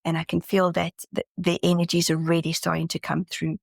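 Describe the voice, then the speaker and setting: A woman's voice: on the low side, flat delivery, a little fast, vocal fry, dry recording, studio quality. A woman guest in a casual interview, talking earnestly and enthusiastically, often restarting her sentences. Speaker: podcast guest, spiritual channeler.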